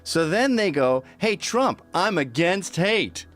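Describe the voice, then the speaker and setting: A man with a fairly high, very lively voice talks in a blunt, sardonic way, swearing freely. His delivery swings around a lot as he tells his stories, and he slips in mocking voices of other people. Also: takes it slowly, faint music behind. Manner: profane. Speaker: commentator. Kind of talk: casual opinionated chat.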